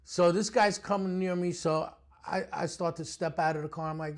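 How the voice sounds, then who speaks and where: A man's voice: sits high, moderate pace. A man, a retired police detective telling war stories in an interview, blunt and streetwise. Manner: streetwise, blunt, animated storyteller. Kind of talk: storytelling interview.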